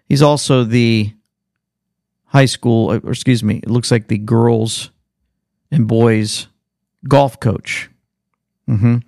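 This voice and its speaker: Sarcastic guy ranting about politics, gravelly voice, dry mic. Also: medium pitch, slow pace, long pauses, dry recording. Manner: animated, sarcastic, jumps between clips and remarks. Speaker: commentary host. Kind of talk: political commentary.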